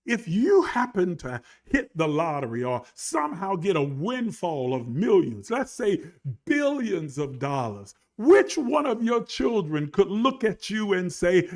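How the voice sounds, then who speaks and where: A man's voice: high voice, very animated, a little slow, hardly any pauses, darkish tone. A male preacher delivering an emphatic sermon, calling out to his listeners with rhetorical questions.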